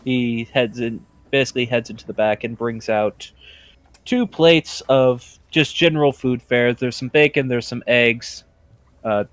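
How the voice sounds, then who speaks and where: A man narrating as game master in a relaxed, chatty way full of fillers. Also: medium pitch, unhurried, dry recording.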